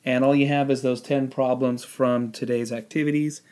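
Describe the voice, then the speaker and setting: Man, teacher, spelling lesson, patient step-by-step explaining, middle pitch. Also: flat delivery, moderate pace, darkish tone. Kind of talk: spelling lesson with classroom instructions.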